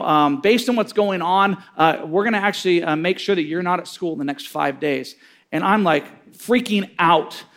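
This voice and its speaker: Middle-aged guy preaching about parenting, pretty high voice, tells stories and does the voices. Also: a bit bright. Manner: storytelling, acting out quoted voices with big swings. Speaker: speaker giving a talk on parenting.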